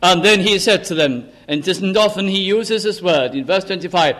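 An older man preaching a sermon into a microphone, fervent, rising to emphatic exclamations and dropping to soft asides. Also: sits high, normal speed, hardly any pauses. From Lancashire, England. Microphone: amplified microphone.

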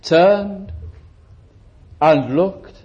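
High-voiced preacher with dramatic delivery. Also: male voice, extremely slow, muffled recording. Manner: dramatic, varies pitch and pace for emphasis, acts out quotes. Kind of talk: sermon.

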